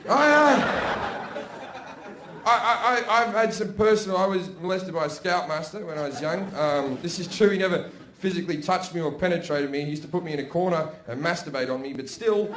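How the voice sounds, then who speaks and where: A man with an Australian accent performing profane stand-up comedy, swinging between loud bursts and low mutters, in a theater. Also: fairly quick. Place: theater with a balcony, live audience. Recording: roomy live stage recording with audience laughter.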